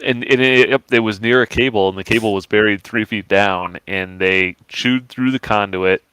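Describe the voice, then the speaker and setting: A man hosting a podcast who recaps a news story with halting restarts. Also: fairly low pitch, pushed and bright, slight background noise, rough recording. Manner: halting, many filler restarts. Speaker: podcast host reading news. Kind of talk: casual news banter.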